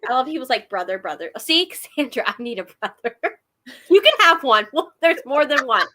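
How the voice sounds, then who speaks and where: Giggly bright-voiced woman hosting a book chat. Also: high-pitched, animated, normal speed. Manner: giggly, rambling, lots of "like". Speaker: book club host. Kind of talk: casual chat.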